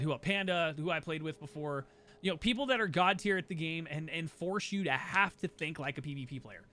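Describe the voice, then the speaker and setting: A male streamer with a high-pitched, fairly bright voice chats casually on a gaming livestream. He's opinionated and rambling, often restarting his sentences, and his voice sounds tired after a long day of talking.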